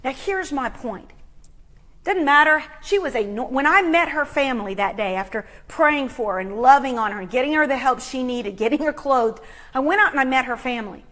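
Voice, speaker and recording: High-pitched woman host, motivational storytelling, goes from hushed to loud and back. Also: lively intonation, fairly quick. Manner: dramatic, swings from hushed to loud.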